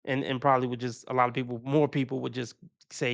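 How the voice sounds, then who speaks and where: A man's voice: mid-range voice, flat delivery, quick pace, creaky, fairly bright tone. A man giving casual, profane reaction commentary on a stream, chuckling often as he talks through his opinions.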